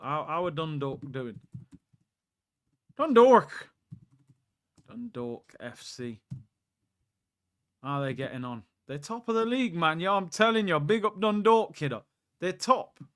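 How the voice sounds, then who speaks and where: A young man hosts a live football watchalong. His voice sits fairly high, and he chats excitably, jumping between the match and viewer questions. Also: clear, resonant tone. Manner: chatty and excitable, reacting to play and reading out viewer questions.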